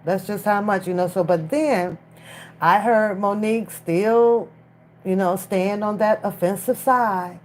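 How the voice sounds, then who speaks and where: A woman's voice: mid-range voice, unhurried, slight background noise. A woman chatting casually on a live stream from her phone, talking straight to the viewers in chat. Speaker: livestream commentator.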